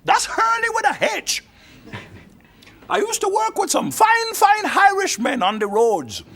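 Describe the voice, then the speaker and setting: A man playing an old Jamaican man who tells his life story in a slow, high, drawling voice. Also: sing-song, bright, forceful tone, heavily acted. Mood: reminiscing. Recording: live studio with audience noise.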